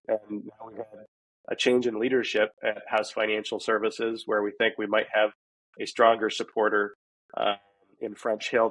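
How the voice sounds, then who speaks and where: A man's voice: lowish voice, a bit bright, no echo, low-quality recording. A man answering a podcast host's question in a conversational way, often restarting his sentences. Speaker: guest, housing policy advocate. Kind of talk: casual podcast interview answer.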